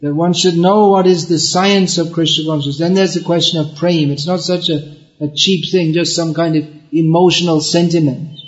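Earnest male preacher, fairly high voice, restarts his phrases; lo-fi lecture tape. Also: fairly even intonation, moderate pace. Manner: earnest, repeats words while explaining; chants verses in Bengali. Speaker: spiritual teacher. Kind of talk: devotional lecture.

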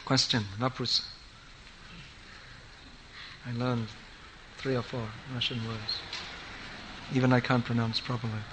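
A man giving a sermon, telling stories with humor and lively exhortation to an audience. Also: medium pitch, measured pace, pauses often, noisy background. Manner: storytelling, animated and humorous. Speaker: preacher.

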